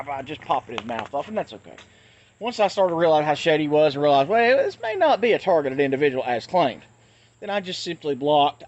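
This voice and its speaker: Blunt male vlogger, ranting, slightly high voice, self-filmed on a phone. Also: a bit bright, no room sound. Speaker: channel host. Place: outdoors near traffic. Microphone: handheld phone.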